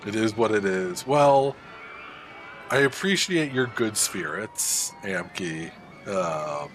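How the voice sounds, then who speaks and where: Chatting casually and with animation, a man answers his viewers' chat while playing a game on stream at a standing desk at home. His voice is fairly low and slow, with a little hiss or hum and faint background music.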